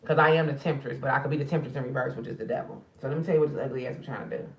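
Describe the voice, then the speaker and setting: A tired woman speaks straight to her viewers as if they were her sisters. Her voice is gravelly, and it sits a little away from the phone in an echoey room. The sound is dull and lo-fi. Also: a bass voice, fairly even intonation, fast, recorded from a distance. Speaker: spiritual card reader and channel host. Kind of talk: casual late-night vlog chat.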